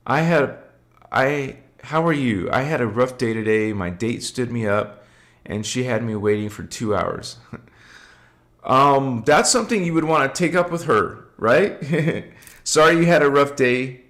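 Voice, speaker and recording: A man's voice: medium pitch, unhurried, fairly bright tone. A man hosting a casual spiritual livestream, chatty and laughing often as he greets viewers by name. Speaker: livestream host.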